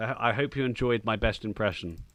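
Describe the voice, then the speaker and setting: Low-voiced man joking through a game. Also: brisk, a bit bright, dry recording. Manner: joking, chatty, playfully self-mocking. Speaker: gaming streamer. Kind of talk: casual gameplay commentary.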